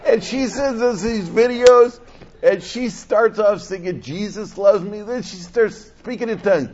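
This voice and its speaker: An older male pastor preaching a sermon, animated, swinging between loud bursts and soft asides. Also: sits high, unhurried. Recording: dull lo-fi sound.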